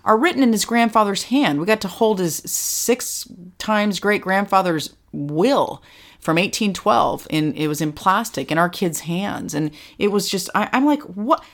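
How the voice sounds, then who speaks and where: A middle-aged woman talking casually and telling stories in an animated, chatty way. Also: mid-range voice. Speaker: co-host. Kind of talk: casual chat.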